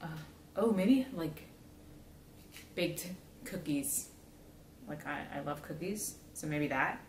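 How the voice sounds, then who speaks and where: A woman's voice: low-pitched, animated, slow. A young woman from South Florida chatting casually, rambling with lots of fillers while she builds a gingerbread house. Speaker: vlogger. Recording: echoey room, faint background hiss.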